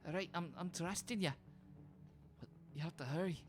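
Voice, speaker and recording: A woman's voice: medium pitch, fairly quick, faint music behind, pitched above the performer's own voice, natural voice. A man voicing a frightened young woman who pleads to be rescued, in a tabletop game. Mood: pleading. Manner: anxious, pleading.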